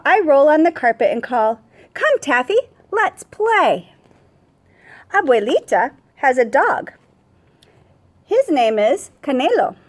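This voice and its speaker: High, lively woman reading a storybook. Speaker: first grade teacher. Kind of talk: reading a picture book aloud to children.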